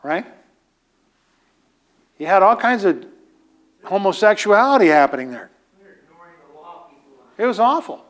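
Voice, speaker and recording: A man's voice: high-pitched, big pitch swings, measured pace, pauses often. A man preaching a teaching sermon in a conversational way, with emphatic repetition and casual asides. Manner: emphatic, repeats phrases for stress.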